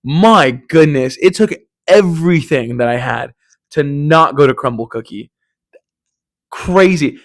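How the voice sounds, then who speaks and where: A man's voice: a little high, animated, unhurried, dry recording, studio quality. A young man hosting a casual solo podcast, rambling and joking with lots of fillers and restarts. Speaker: podcast host.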